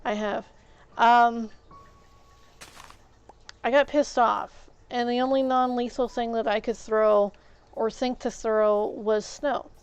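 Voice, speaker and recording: A woman's voice: a little high, fairly even intonation, slow, long pauses, smooth. A woman streamer venting in a casual rant, indignant and full of fillers and restarts.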